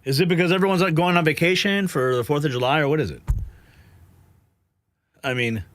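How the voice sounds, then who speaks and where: A man's voice: a little high, a little fast, fairly bright tone. A man hosting a live political news stream, frustrated and agitated, sighing and swearing between headlines. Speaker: livestream news host.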